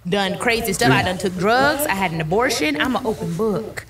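A woman's voice: medium pitch, animated, moderate pace, fairly bright tone, far from the mic. A woman in her thirties, a podcast guest, speaking candidly about her faith and often repeating phrases to reassure. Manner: emphatic, repeats phrases for comfort.

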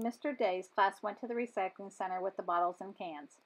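A woman reading a children's storybook aloud in an expressive, animated way. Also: medium pitch, fairly quick, hardly any pauses. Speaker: storybook reader. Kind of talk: children's book read aloud.

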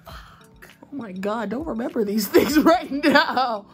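A woman's voice: a little high, expressive, measured pace, over music. A young woman chatting casually, giggly and half tearful, laughing through her words. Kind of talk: casual chat.

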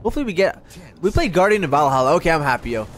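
High, animated swearing game streamer man. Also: rapid-fire. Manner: excitable, swears constantly, breaks into chants. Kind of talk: casual live gaming commentary.

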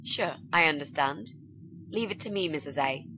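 A woman's voice: sits low, lively intonation, normal speed, bright, forceful tone, a little hiss or hum. An actress voicing a pushy young female student in a game, eager and bossy, sweetly fake when she performs. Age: young adult. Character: pushy chirpy young woman student, scheming. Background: game music.

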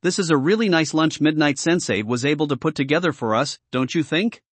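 Man doing a flustered teen boy hero, kinda high, dodges questions, dry close mic. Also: fairly quick, no room sound, natural voice. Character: nervous earnest teenage hero boy.

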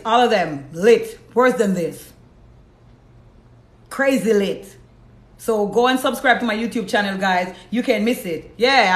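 A woman's voice: fairly high pitch, fairly bright tone. A Jamaican woman hosting a live stream, preaching bluntly and reading out viewer comments. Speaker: host. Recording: roomy echo.

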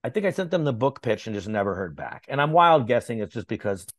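A man telling animated stories in a casual chat, swearing as he goes and slipping into other people's voices. The sound is dry and close, with no room echo. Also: medium pitch, quick pace. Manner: animated, profane, acts out voices. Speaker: podcast guest. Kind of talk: casual storytelling.

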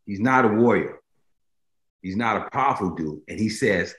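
A male preacher delivers a sermon with a lively voice that swoops up and down. He hammers key phrases again and again and keeps checking that his listeners are with him. His voice rings with the echo of a roomy space. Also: on the low side, normal speed. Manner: emphatic, repeats phrases for stress, addresses listeners directly.

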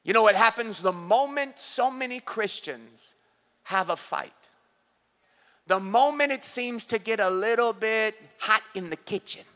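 A man with a Californian accent preaches a sermon in a very high voice. His tone is bright and ringing, and he keeps pushing into loud, impassioned shouts as he acts out scenes for the congregation. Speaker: pastor. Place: church service.

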